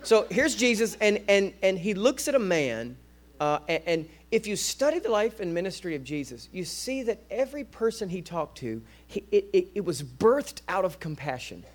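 Guest preacher, male, somewhat high voice, lively conversational sermon delivery that doubles back on words. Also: normal speed. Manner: energetic and conversational, repeating words as he restarts.

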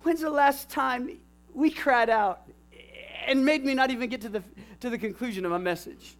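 A man with a notably high voice preaches a fervent sermon. He drops low and quiet, then climbs into shouted, emotional calls to the congregation. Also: moderate pace, slight background noise. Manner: impassioned preaching, swings from hushed to shouting. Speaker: pastor.

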